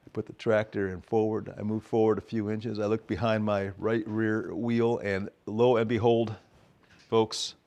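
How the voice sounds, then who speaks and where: Middle-aged male vlogger, low-ish voice, folksy and rambling. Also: little pitch movement, normal speed, a little mellow, muffled recording. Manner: folksy, rambling, talks straight to viewers. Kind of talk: casual vlog monologue.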